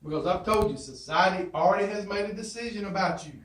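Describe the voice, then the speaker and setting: A high-pitched man speaks to his class from a distance, his voice bouncing around a roomy classroom. He talks emphatically, drills catchphrases and throws questions back at his students. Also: quick pace. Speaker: teacher. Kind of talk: motivational classroom talk. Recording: roomy echo, from far off.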